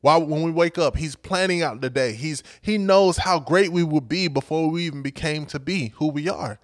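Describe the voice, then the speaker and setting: A man preaching to young adults, reading scripture and telling stories in a conversational, energetic way. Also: fairly high pitch, moderate pace, dry recording, clean studio sound. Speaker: young adult ministry speaker.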